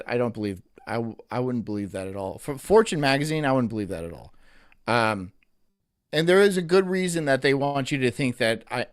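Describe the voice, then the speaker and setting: A man hosting a casual live stream, rambling and cracking crude jokes while reacting to a clip. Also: mid-range voice. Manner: rambling, crude joking, frequent laughter. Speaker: livestream host.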